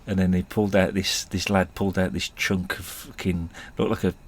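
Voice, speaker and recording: A man's voice: deep voice, level tone, moderate pace. A man, telling stories in a rambling, self-deprecating way and chuckling often. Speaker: podcast host. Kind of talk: casual storytelling monologue.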